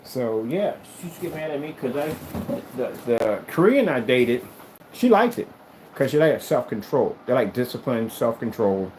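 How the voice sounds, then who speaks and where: A man's voice: mid-range voice, very animated, normal speed, a little mellow, a little hiss or hum, poor audio. A man chatting casually to camera in an emphatic, rambling way, often repeating himself. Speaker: vlogger.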